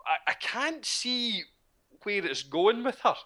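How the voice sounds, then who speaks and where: A man co-hosting a podcast, giving strong, animated opinions with casual swearing. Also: sits high, slow pace. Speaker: podcast co-host. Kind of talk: casual chat about a TV show.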